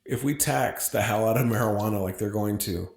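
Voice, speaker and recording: A man with an American accent co-hosting a casual podcast, talking in an animated, opinionated way and swearing freely. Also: lowish voice, a little fast, creaky, roomy sound. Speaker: podcast co-host. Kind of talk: casual chat.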